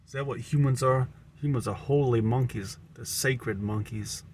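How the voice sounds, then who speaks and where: A man's voice: medium pitch, unhurried, slight background noise. Rambling Southern American man. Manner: musing, repeats and restarts words. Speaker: vlogger. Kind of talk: rambling stream-of-consciousness monologue.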